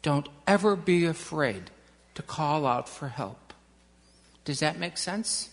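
Unhurried children's-message storyteller, long reverb in a large sanctuary. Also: medium pitch, expressive. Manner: slow, questioning the children, dramatic pauses.

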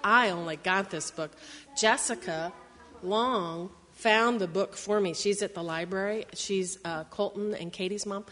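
A woman teacher reading a picture book aloud to children in a classroom. She tells the story in an animated way and acts out the sound effects. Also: mid-range voice, long reverb tail.

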